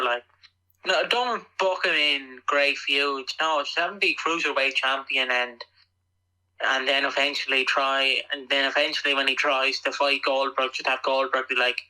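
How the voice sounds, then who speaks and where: A man co-hosting a podcast, ranting crudely and excitably in casual chat. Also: medium pitch, moderate pace, low-quality recording. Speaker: podcast co-host.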